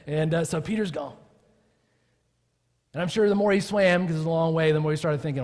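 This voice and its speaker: A man preaching from the pulpit, telling his story with animated energy and slipping into the voices of the people he quotes. His voice sits a little high for a man. A long church reverb trails behind every phrase. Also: brisk. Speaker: pastor. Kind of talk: sermon.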